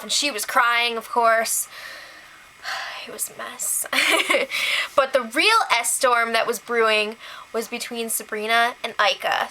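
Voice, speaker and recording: A woman's voice: on the high side, pushed and bright, poor audio. A young woman chatting casually as she recaps a reality show for her vlog, laughing often and saying "like" a lot. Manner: chatty, giggly, heavy use of "like".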